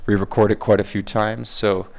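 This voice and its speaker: A man's voice: fairly low pitch, flat delivery, moderate pace, vocal fry. A man talking casually about how he makes his voice videos, hesitant with many fillers. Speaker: voice-impression creator. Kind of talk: casual behind-the-scenes commentary.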